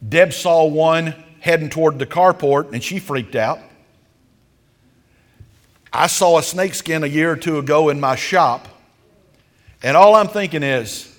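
A man's voice: fairly high pitch, a little slow, a bit bright. A man preaching a sermon as folksy, homespun storytelling, with emphatic swells of intensity. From rural countryside. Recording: long hall reverb.

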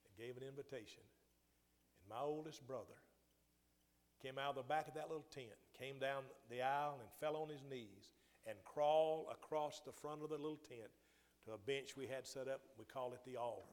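An older man preaching a sermon, telling a personal story with restarts and rising emphasis. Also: medium pitch. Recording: long hall reverb.

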